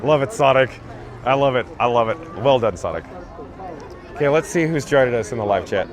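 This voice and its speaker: A man's voice: mid-range voice, a little fast. A man hosting a live stream outdoors on a handheld phone, chatting in a rambling way, jumping between tangents and reading out viewer comments. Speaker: live-stream vlogger, channel host. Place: outdoors at a theme park parade route.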